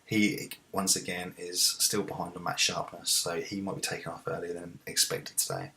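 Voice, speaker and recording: A man hosting a let's-play, commentating on a football management game and shouting at the big moments. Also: deep voice, little pitch movement, moderate pace, vocal fry. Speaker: gaming video host.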